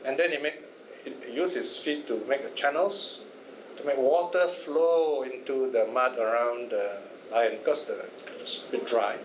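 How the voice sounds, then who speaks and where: A man's voice: mid-range voice, steady tone, measured pace. A Buddhist teacher telling a fable to a study class, chatty and often checking in with his listeners. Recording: echoey room, faint noise.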